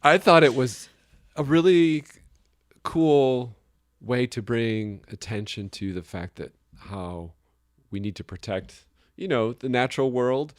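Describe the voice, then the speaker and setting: A man co-hosting a casual podcast chat, joking and laughing often, with sudden high exclamations. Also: slow, dry recording. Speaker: podcast co-host. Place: Chicago area.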